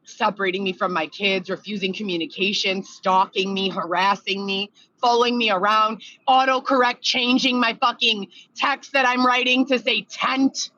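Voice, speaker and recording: A woman's voice: medium pitch, steady tone, normal speed, hardly any pauses, bright, forceful tone. A woman venting in a monologue video, agitated and profane, reeling off complaints one after another. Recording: dull lo-fi clip audio.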